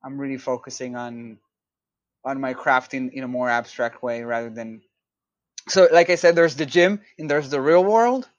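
A man's voice: medium pitch, normal speed, no echo, highs cut off. A man from Israel, a composer guest in a casual interview, explaining his work thoughtfully with many fillers and restarts.

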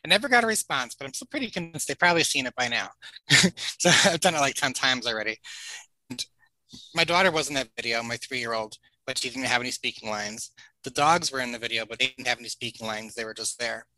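A man in his forties talks as a podcast guest, rambling through his stories with plenty of fillers and soft laughs. His voice is strikingly bright, and it sounds dry and close with no room around it. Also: medium pitch, fast talker, no room sound, low-quality recording. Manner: rambling and chatty, with filler words and chuckles. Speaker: podcast guest, family video creator. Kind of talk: casual storytelling interview.

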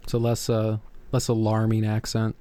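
A man's voice: lowish voice, monotone, moderate pace, mellow, smooth. A man chatting casually as a podcast co-host, often chiming in with short affirmations. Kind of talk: casual chat.

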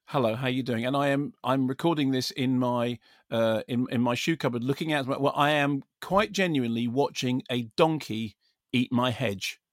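A man co-hosting a film podcast from a cupboard at home, chatting enthusiastically with quick restarts and frequent laughter. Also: mid-range voice, no room sound, studio quality. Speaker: podcast co-host and film critic. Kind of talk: casual chat.

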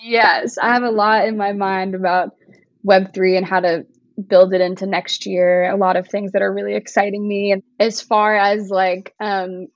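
A woman's voice: mid-range voice, flat delivery, moderate pace, no echo, muffled recording. A young woman guest on a podcast, chatting casually with lots of "like", sometimes getting emotional. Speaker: podcast guest, singer-songwriter. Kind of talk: casual interview chat.

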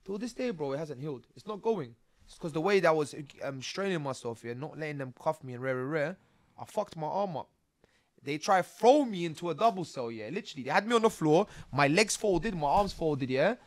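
A young man, telling his own stories as a podcast guest in a lively, slang-filled way and acting out scenes as he goes. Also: fairly high pitch, a little fast, no room sound. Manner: animated, slang-heavy, acts out scenes. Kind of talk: casual storytelling interview.

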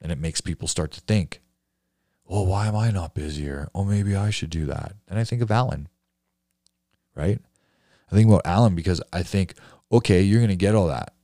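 A man's voice: deep voice, moderate pace, pauses often, mellow, no echo, studio quality. A man coaching painting contractors in a blunt, profane rant full of rhetorical questions. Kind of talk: casual rant to a class.

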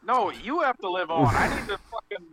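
A man's voice: high voice, big pitch swings, normal speed, bright, forceful tone. A man co-hosting a podcast, rambling and joking with heavy profanity in casual banter. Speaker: podcast co-host.

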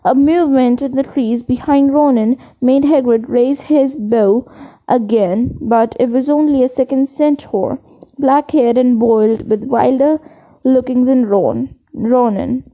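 Slow, high-voiced woman reading a storybook. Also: narrow, tinny audio. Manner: steady read-aloud with occasional slips. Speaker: audiobook reader. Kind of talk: storybook narration.

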